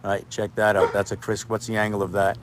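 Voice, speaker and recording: Rambling low-voiced man. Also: monotone, brisk, noisy background. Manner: rambling, free-associating, talks to his dogs. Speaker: video maker. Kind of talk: rambling monologue. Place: outdoors with dogs.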